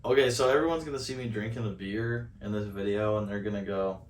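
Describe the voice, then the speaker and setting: A man's voice: fairly low pitch, fast talker, few pauses, roomy sound, recorded from a distance. A man from Southern Indiana co-hosting a podcast in casual chat, joking and a little defensive. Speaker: podcast co-host.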